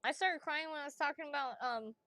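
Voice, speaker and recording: A woman reading as a psychic in a casual livestream chat, chatty and excitable, laughing often and swearing casually. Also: sits high, quick pace, no echo. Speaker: psychic reader.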